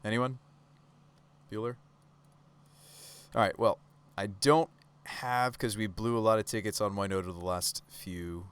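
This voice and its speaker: Male streamer, fairly low voice, loose live-stream commentary, keeps quizzing his chat. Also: fairly even intonation, moderate pace, few pauses, clean tone. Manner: casual, chatty, talks to chat with rhetorical questions.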